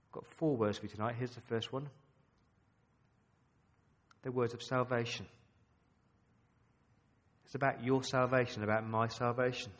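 An Australian man preaching a sermon, emphatic and full of rhetorical questions, with dramatic pauses. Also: mid-range voice.

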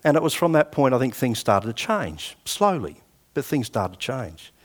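A man's voice: medium pitch, big pitch swings, normal speed. A man in his sixties with an Australian accent, preaching a sermon and telling personal stories in a conversational way. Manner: conversational storytelling, acting out past dialogue.

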